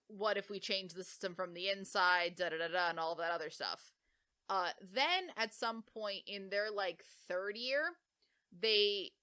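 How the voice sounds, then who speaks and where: Bright-voiced woman, chatty and rambling. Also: medium pitch. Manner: rambling, heavy on "like" fillers, self-correcting. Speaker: podcast co-host. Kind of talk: casual book summary.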